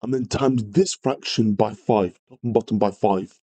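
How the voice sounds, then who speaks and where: Dark-voiced chatty maths tutor. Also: male voice, on the low side, normal speed, low-quality recording. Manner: apologetic, chatty, greets viewers while working problems. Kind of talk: live-streamed exam revision lesson.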